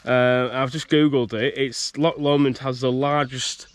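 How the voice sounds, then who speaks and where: A man's voice: mid-range voice, little pitch movement, a little slow. A man chatting in a casual, rambling vlog while walking outdoors by a loch, a little bunged up from a cold. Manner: chatty, rambling, restarts and laughs. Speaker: vlogger. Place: outdoors on a rural campsite by a loch.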